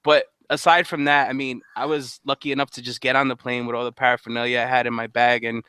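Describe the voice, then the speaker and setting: A man in casual chat with friends, telling a travel story with laughter and loud acted-out quotes. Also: medium pitch, little pitch movement, fast, smooth, no echo. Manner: laughing storyteller, acts out voices loudly. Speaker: podcast co-host.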